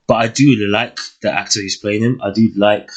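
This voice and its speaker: A young man with a fairly low voice talks through his thoughts on a new series. He sounds casual and reflective, and he often stops, restarts and searches for the right word. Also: steady tone, normal speed. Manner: thoughtful, hesitant, many restarts and fillers. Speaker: TV reviewer. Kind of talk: casual spoken review.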